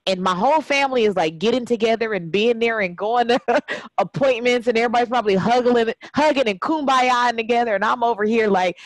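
Expressive woman host, dry close sound. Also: fairly quick, dry recording, poor audio. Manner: expressive and heartfelt, with laughs and sudden rises in pitch. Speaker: podcast host. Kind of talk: emotional casual conversation.

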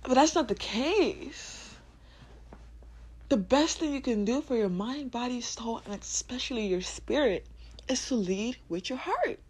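A woman of twenty-one talking unscripted on her podcast about heart and spirit, casual and swearing, swinging from low musing to loud laughing bursts. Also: expressive, unhurried, husky.

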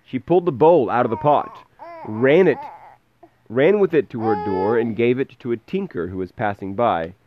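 A man reading a fairy tale aloud in a lively way, pausing to explain words. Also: mid-range voice, phone-quality sound, a little hiss or hum. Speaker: storyteller.

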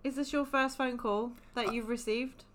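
A woman's voice: fairly high pitch, steady tone, moderate pace, fairly bright tone. A woman co-hosting a comedy podcast, teasing and laughing often in casual chat. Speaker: podcast co-host.

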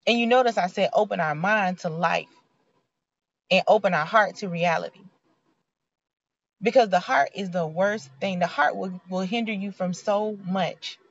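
A woman's voice: medium pitch, moderate pace, no room sound. A woman, giving a heartfelt, preachy motivational faith talk in a conversational way. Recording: dull lo-fi sound.

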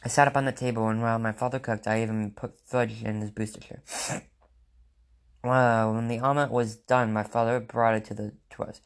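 A man's voice: mid-range voice, little pitch movement, brisk, clear, resonant tone. A man reading a children's book aloud to his class as a teacher, in a plain manner with small restarts.

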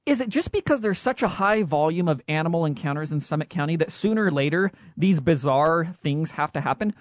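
A young man with a Utah accent, co-hosting a podcast in a casual, joking way with quick asides. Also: a little high, animated, dry recording, clean studio sound. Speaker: podcast co-host.

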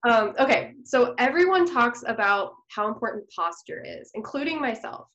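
A woman's voice: a little high, very animated, normal speed, a bit bright. A woman hosting a podcast who also teaches music, chatty and enthusiastic as she talks with her guest. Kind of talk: podcast interview. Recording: roomy, dull podcast audio.

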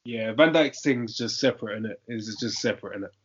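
A man's voice: on the low side, brisk, breathy edge. A young man, chatting casually about football in a slangy, emphatic way and repeating his points. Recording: dull lo-fi audio.

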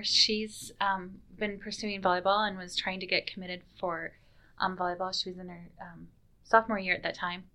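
A woman guest telling a family story in a casual, animated way, acting out quoted lines. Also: mid-range voice, creaky.

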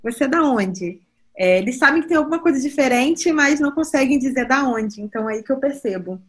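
A young Brazilian woman whose accent has drifted toward British English talks freely in a relaxed podcast conversation, her voice sitting a little high. She laughs easily and switches between languages. Faint music runs underneath. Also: racing. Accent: Brazilian Portuguese, shifted toward British English. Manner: chatty, laughs often, mixes Portuguese and English. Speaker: guest.

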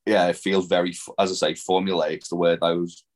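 Male podcast co-host, very low voice, loose and sweary recap delivery. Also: little pitch movement, quick pace. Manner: rambling, swears casually, many fillers. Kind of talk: casual wrestling review chat.

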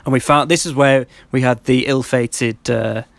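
A man's voice: medium pitch, steady tone, normal speed, creaky, dry recording. A man chatting casually on a podcast, telling travel stories and laughing often. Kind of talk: casual chat, anecdote telling.

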